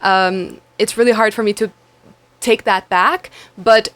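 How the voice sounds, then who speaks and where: A woman's voice: medium pitch, a little slow. Chatty Brazilian woman with light accent. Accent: light Brazilian Portuguese. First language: Portuguese. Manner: chatty, animated, many fillers. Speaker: actress and producer, guest. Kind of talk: casual interview chat.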